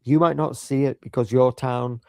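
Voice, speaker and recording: A man's voice: medium pitch, fairly even intonation, normal speed, creaky, darkish tone, no echo, studio quality. A young English man making an earnest, sarcastic argument in a debate. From England. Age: young adult. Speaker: commentator in a played clip.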